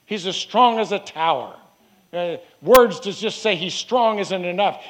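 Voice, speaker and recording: A man preaching a sermon in an earnest way, repeating phrases and slowing down to stress key words. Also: high-pitched, animated, fairly bright tone.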